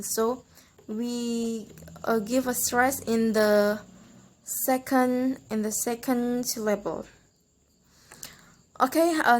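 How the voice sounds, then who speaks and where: A young woman, a student explaining English word stress rules, hesitant, with many fillers and restarts, repeating example words. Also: on the high side. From Indonesia. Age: young adult. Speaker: student presenter.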